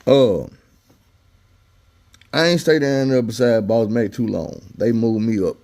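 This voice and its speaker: A man's voice: medium pitch, a little slow, dark tone. A man casually telling a personal story in slangy, conversational talk, acting out the people he quotes.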